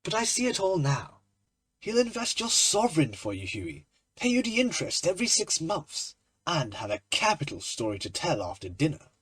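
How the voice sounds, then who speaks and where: A man voicing a jovial male painter who laughs at and teases his friend, in a loud, hearty way, in a storybook reading. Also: fairly high pitch, wildly swooping pitch, normal speed, husky, full character voice. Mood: hearty, amused.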